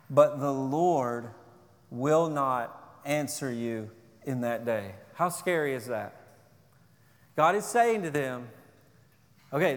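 A man preaching a sermon as pastor, earnest and emphatic, often repeating words as he presses a point. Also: high-pitched. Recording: long hall reverb.

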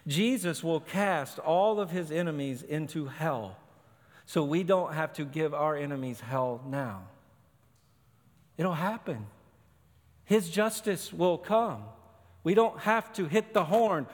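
High-voiced preacher in a reverberant hall. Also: male voice, expressive, a little slow. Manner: emphatic, short punchy phrases. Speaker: pastor. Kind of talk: sermon.

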